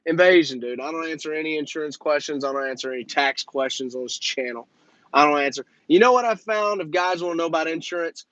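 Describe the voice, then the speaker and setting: Male business vlogger, somewhat high voice, blunt and profane, acts out dialogue in quick voices; slightly muffled lo-fi sound. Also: fairly bright tone, dry recording. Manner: blunt and profane, peppered with "okay?" and "right?". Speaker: softwash business owner and channel host. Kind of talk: casual business advice talk.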